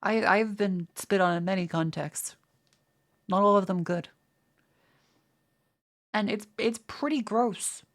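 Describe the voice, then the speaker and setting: A woman's voice: mid-range voice, takes it slowly, long pauses. A young Australian woman streaming live, chatting casually and crudely in a rambling way, with frequent restarts as she answers viewers. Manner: profane, rambling, stammers and restarts.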